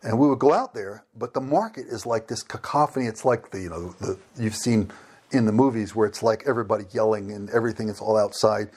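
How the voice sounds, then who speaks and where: A middle-aged man, a former missionary, telling stories in an interview in a lively way and acting out the people he quotes. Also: fairly low pitch, fast talker, husky. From United States. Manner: animated, acts out quoted voices. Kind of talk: conversational interview storytelling.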